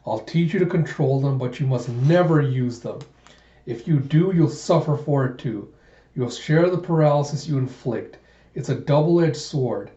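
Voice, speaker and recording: A man voicing a stern older swordsman who scolds sharply and speaks gravely. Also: mid-range voice, expressive, moderate pace, dark tone, roomy sound, lo-fi sound, natural voice.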